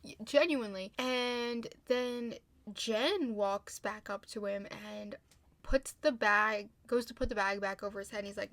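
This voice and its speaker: A woman's voice: medium pitch, a little slow, a bit bright, no room sound. Chatty young woman recapping, dry close sound. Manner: chatty, heavy "like" fillers, frequent swearing. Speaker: TV show recapper. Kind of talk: casual recap chat.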